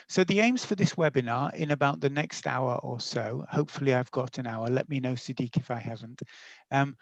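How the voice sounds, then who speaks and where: A man's voice: mid-range voice, vocal fry, a little mellow, no room sound, muffled recording. A middle-aged man, a teacher educator, presenting a webinar in a friendly, explanatory way with small fillers and self-corrections, over a video call mic.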